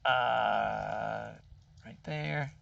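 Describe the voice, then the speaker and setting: A man narrating as game master of a tabletop game, relaxed and full of fillers. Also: on the low side, extremely slow, gravelly, recorded from a distance, highs cut off, heavy background noise.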